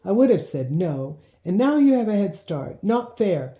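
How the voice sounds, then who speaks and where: A woman's voice: medium pitch, very animated, unhurried, mellow, pitched above the performer's own voice. A woman voicing a spirited, impatient young girl in a storybook reading, who speaks in eager, raised bursts. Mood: defiant. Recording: roomy echo.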